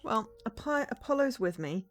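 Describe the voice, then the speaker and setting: Chatty woman streamer with lively pitch. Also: fairly quick. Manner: chatty, self-deprecating, reads dialogue aloud. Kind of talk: casual let's-play commentary.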